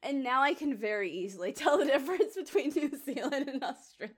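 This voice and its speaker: A woman's voice: high-pitched, animated, a little fast. A woman co-hosting a podcast in casual chat, laid-back, swearing casually and laughing a lot. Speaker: podcast co-host.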